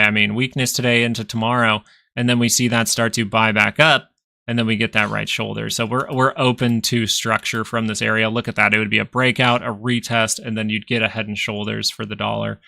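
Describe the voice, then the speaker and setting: The host of a live stock market stream talks casually about his charts, thinking out loud and repeating phrases for emphasis. His mid-range voice is gravelly, bright, and forceful, and there's no room sound.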